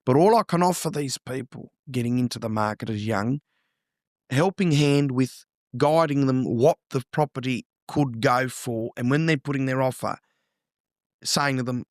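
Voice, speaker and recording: A man's voice: mid-range voice, moderate pace, a little mellow, dry recording, studio quality. A man, a real estate agent talking earnestly and from the heart in an interview. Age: 20s. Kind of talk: casual interview chat.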